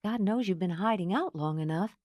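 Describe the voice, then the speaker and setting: A woman's voice: medium pitch, brisk, a little mellow, dry recording, studio quality, close to an everyday voice. A woman voicing a bold, blunt woman friend who teases and pushes. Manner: brash, pushy.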